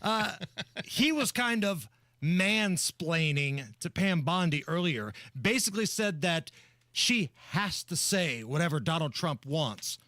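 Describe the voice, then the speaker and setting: A man's voice: on the high side, no room sound. A man co-hosting a talk radio show, chatting casually and joking with his co-host in the studio. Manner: joking, animated, quick hand-offs. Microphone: studio microphone.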